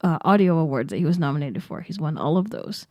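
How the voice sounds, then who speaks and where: A woman's voice: low voice, big pitch swings, fast talker, warm tone, no echo. A woman co-hosting a podcast, telling stories in casual chat and laughing often. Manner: chatty storytelling, laughs often. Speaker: podcast co-host.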